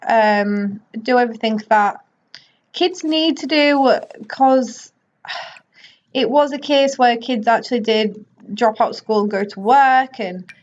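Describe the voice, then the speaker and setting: Chatty woman gamer, higher register, casual running commentary; muffled lo-fi audio. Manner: chatty, bossing her game characters around. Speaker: gaming YouTuber. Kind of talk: casual let's play commentary.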